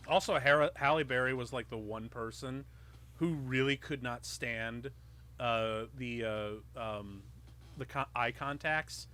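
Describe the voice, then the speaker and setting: Brief: male podcast host, bright tense tone, excited casual commentary, swears freely. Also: medium pitch, slow pace. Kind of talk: movie commentary chat.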